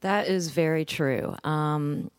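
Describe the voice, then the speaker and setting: A woman's voice: deep voice, slow pace, smooth, no echo, clean studio sound. A woman from Texas, a food blogger, answering interview questions in a plain, earnest way.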